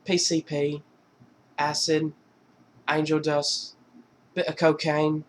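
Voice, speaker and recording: A man's voice: a little high, flat delivery, takes it slowly, slight background noise, voice pushed up. A man putting on a laid-back male rock star, easygoing and chummy. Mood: breezy. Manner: easygoing, chummy, rattles off lists.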